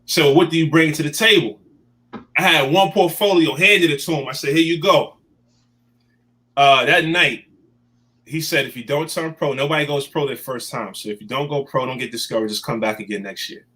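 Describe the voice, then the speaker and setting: A man in his thirties telling his life story in a casual chat, animated and emotional. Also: medium pitch, moderate pace. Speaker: guest.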